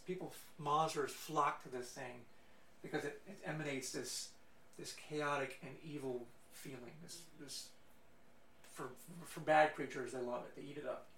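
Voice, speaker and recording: A man's voice: fairly high pitch, a bit bright. A man narrating as game master of a tabletop game, rambling with fillers and restarts. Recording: echoey room from far off with faint noise.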